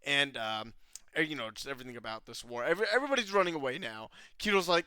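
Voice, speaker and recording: Bright-voiced young man recapping anime. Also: on the high side, expressive, quick pace, smooth, no room sound. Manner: rambling, swears often, laughs, many fillers. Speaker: anime reviewer. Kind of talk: casual recap commentary.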